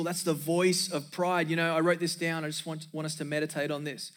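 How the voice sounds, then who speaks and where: A man's voice: a little high, level tone, fairly quick, hardly any pauses, fairly bright tone. A man preaching a sermon as pastor, emphatic, repeating key lines for effect and dropping in joking asides.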